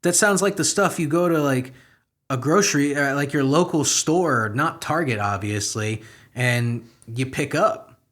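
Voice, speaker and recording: A man's voice: medium pitch, a little slow, fairly bright tone. A young man hosting a comedy podcast, reading news stories aloud and breaking off into profane, sarcastic, exasperated commentary. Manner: sarcastic, exasperated, swings between muttering and outbursts.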